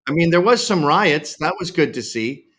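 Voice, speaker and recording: A man's voice: on the high side, animated, moderate pace, a bit bright. Blunt, joking Canadian man. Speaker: podcast guest. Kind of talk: casual podcast interview.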